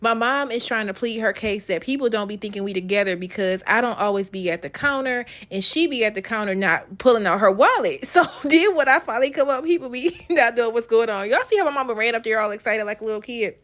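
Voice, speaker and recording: A woman's voice: a little high, quick pace, hardly any pauses, a bit bright. A woman hosting a casual travel vlog, chatty and teasing, recorded outdoors at a wildlife park on a handheld camera. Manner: chatty, joking, teasing banter. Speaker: travel vlogger.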